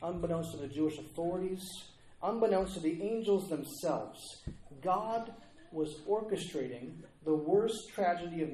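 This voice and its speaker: A man's voice: on the high side, mellow, echoey room, slight background noise, rough recording. A man preaching an earnest sermon in a church, pressing his listeners with rhetorical questions.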